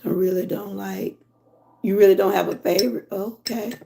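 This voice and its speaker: A hoarse woman from Georgia with a Southern accent, chatting casually with her livestream viewers and reading their comments. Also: medium pitch, steady tone, warm tone, a little hiss or hum. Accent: Southern American. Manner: chatty, drawn-out, talks to viewers as y'all. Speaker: livestream host.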